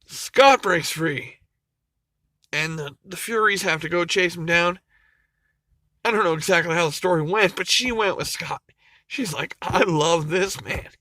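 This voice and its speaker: A man's voice: high-pitched, unhurried, long pauses, pushed and bright, no echo. A man vlogging, retelling a comic story in a rambling, emotional way, with frequent swearing and laughter. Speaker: YouTuber.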